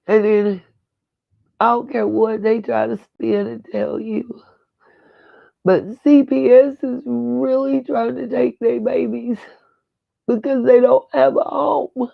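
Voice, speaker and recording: A woman's voice: fairly high pitch, little pitch movement, slow pace, gravelly, no room sound, narrow, tinny audio. A woman hosting a livestream, talking bluntly and profanely in a rambling rant from home. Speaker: livestream host. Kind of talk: casual livestream talk.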